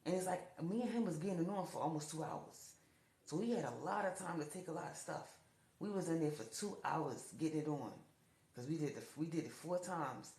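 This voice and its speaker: A woman telling her own life story to camera, repeating herself and rising in pitch when upset. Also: brisk, darkish tone. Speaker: TikTok storyteller. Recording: echoey room.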